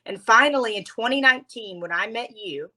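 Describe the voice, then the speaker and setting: A woman from Louisiana, a guest author and speaker, telling her story in an expressive, earnest conversational way. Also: fairly high pitch, a little fast, low-quality recording.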